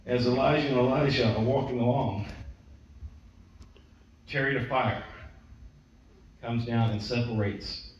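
A man's voice: medium pitch, steady tone, measured pace, pauses often. A man teaches a sermon as a story, acting out what the people in it say. He is recorded from a distance in a very echoey church hall. The sound is dull, with faint room noise behind him. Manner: conversational storytelling, acts out quotes. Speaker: preacher.

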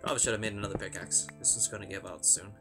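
A man's voice: on the low side, fairly even intonation, very fast. Chatty young man commenting on a game. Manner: chatty, chanting repeated words under his breath. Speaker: gamer. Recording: music in background.

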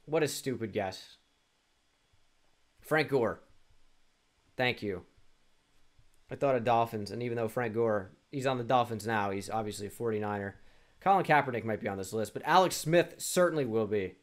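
A man's voice: on the low side, moderate pace, pauses often. A young man thinking aloud through a sports quiz, muttering, restarting and mocking himself. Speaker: gaming YouTuber. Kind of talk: casual self-talk while playing a sports quiz.

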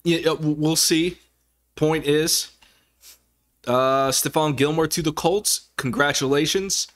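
A man's voice: on the high side, slow pace, a bit bright. A man talking casually about his football team in a vlog, rambling with many fillers and restarts. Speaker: sports fan vlogger. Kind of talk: casual sports commentary vlog.

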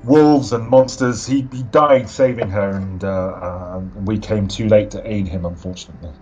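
A man voicing a polite, hesitant adventurer with formal, halting speech, on a dull lo-fi recording. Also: fairly low pitch, darkish tone, faint music behind, voice pushed down, close to an everyday voice. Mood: solemn. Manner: formal, halting, many restarts.

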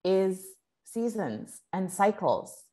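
A woman from Maine, a guest in an interview, talking in a reflective, earnest, relaxed way. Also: mid-range voice, drawn-out words. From Maine, USA. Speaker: guest, author. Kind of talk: casual conversational interview.

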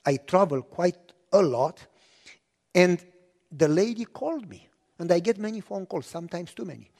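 A man preaching a sermon, telling stories and acting out the dialogue, clearing his throat often. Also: high voice, lively intonation, normal speed, darkish tone. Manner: anecdotal, acts out dialogue, frequent throat clearing. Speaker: pastor. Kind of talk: storytelling sermon. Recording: long reverb of a large hall.

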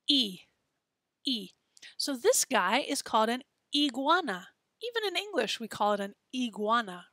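Female teacher, children's language lesson, slow careful delivery, bright voice, dry close sound. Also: on the high side, dry recording. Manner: slow, clearly enunciated, encouraging. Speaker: Spanish teacher.

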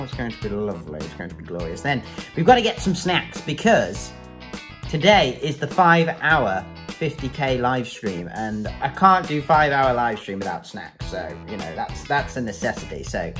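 A man's voice: medium pitch, a bit bright. Chatty upbeat man vlogging. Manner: chatty and upbeat, rambling with fillers. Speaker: gaming YouTuber vlogging his day. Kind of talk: casual vlog chat to camera.

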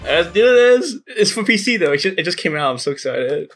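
A man hosting a casual gaming session, excitable and tripping over his words. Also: high voice, brisk, soft background music. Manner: excitable, stumbling. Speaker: host.

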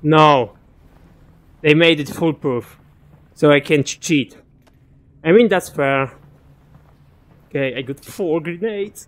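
A man's voice: fairly high pitch, slow, long pauses. A young man giving casual let's-play commentary, chatting to enemies and muttering asides to himself. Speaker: gaming commentator.

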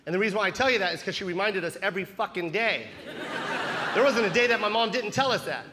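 A man doing stand-up comedy on a theatre stage with a handheld mic, telling animated, profane stories. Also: sits high, fast. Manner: animated storytelling, swearing freely. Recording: big hall with loud crowd and noise.

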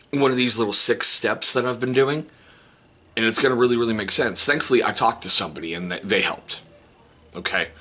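A man in his forties with a fairly low, husky voice and a forceful, bright edge. He talks to camera in a candid, casual vlog style, tossing in teasing asides and rhetorical questions. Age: 40s. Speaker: vlogger. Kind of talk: casual self-help talk to camera.

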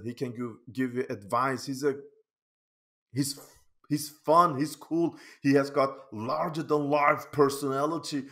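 A man who is not a native English speaker, talking through a falling-out with a friend in a rambling, heated monologue, often checking "okay?" and swinging between loud outbursts and quiet asides. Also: fairly high pitch. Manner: rambling, repetitive, keeps asking "okay?". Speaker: channel host. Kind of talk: emotional personal vlog monologue.

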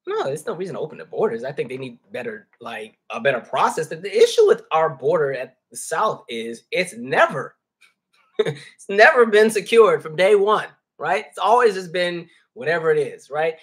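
A man's voice: on the high side, very animated, a little fast, hardly any pauses, slightly rough. A man hosting a livestream, talking casually with his viewers and calling them y'all. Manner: conversational, addresses viewers as y'all. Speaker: livestream host reading chat. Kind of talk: casual chat.

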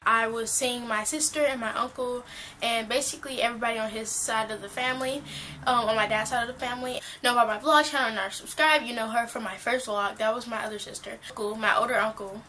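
Bright-voiced teenage girl telling a story. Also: on the high side, quick pace, a little hiss or hum. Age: teen. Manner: rambling, animated storytelling with fillers. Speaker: vlogger. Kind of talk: casual storytime vlog.

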